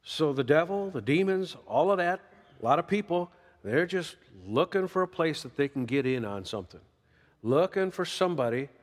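A man's voice: a little high, animated, moderate pace, long reverb tail. A man preaching a sermon in a folksy way, reading scripture and acting out quoted voices. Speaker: pastor.

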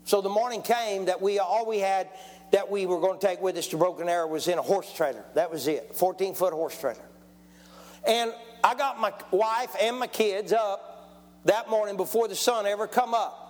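A man's voice: sits high, normal speed. A man, preaching a testimony sermon in a folksy storytelling way and calling for amens. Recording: long church hall reverb.

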